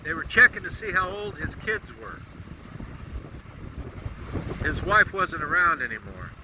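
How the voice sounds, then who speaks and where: A man's voice: on the high side, sing-song, a little slow, background noise. An American man telling a moving story in a vlog, earnest and close to tears, swearing bluntly. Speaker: truck driver vlogger.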